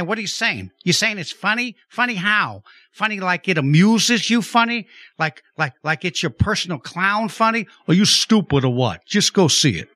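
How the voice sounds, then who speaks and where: A man's voice: fairly high pitch, a bit bright, no room sound. A man doing an impression of a tough, older gangster movie star in a comedy radio ad. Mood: confrontational.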